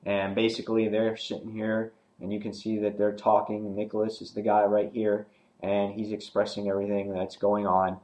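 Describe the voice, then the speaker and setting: A man's voice: on the low side, monotone, normal speed, a little mellow, poor audio. A man talks through a comic book in a loose, casual review. He rambles along, filling gaps with fillers and restarting his sentences as he goes.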